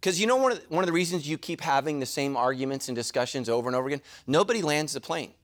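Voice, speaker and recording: A middle-aged man preaching a sermon as a pastor, animated and jokey, with quick asides to the congregation. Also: fairly high pitch.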